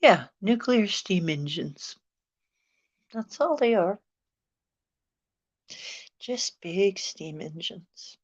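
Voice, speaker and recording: A woman's voice: mid-range voice, animated, drawn-out words, pauses often, highs cut off. A woman hosting a casual talk show, rambling with a sarcastic edge.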